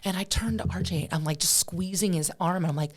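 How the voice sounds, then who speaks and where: A woman from Pennsylvania, a guest musician telling stories in a casual interview, animated and chatty with lots of fillers. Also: lowish voice, a little fast, slightly rough. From Pennsylvania, USA.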